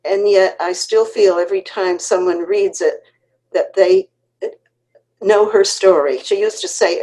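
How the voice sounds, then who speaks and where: A woman in her eighties from Connecticut, an author recalling her family's story in an unhurried, earnest way over a video call, with pauses and restarts. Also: mid-range voice, warm tone, poor audio. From Connecticut, USA. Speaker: author, interview guest. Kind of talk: reminiscing conversational storytelling.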